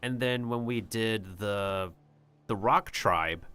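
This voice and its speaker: A man's voice: lowish voice, takes it slowly, bright, forceful tone, clear, resonant tone, faint music behind. Rambling, jokey male game streamer. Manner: rambling and jokey, talks to his chat and slips in joke drawls. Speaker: livestreamer. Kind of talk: casual gameplay commentary.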